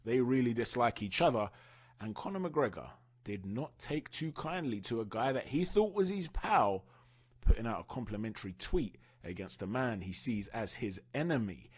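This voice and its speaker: A man's voice: mid-range voice, animated, moderate pace, husky. A man hosting a channel, giving casual, opinionated boxing news commentary and asking viewers what they think. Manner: chatty, opinionated, asks viewers for their views.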